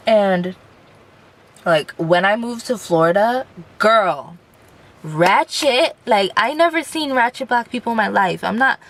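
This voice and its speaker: Chatty young woman ranting in a car. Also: mid-range voice. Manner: rambling, chatty, filler-heavy. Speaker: vlogger. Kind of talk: casual car vlog rant. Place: inside a car.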